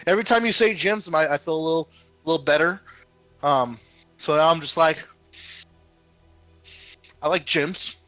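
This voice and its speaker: A man playing a tabletop role-playing game, stammering through restarts and slipping into his character's gruff anger. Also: fairly high pitch, brisk, fairly bright tone, dry recording, soft background music, poor audio. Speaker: player.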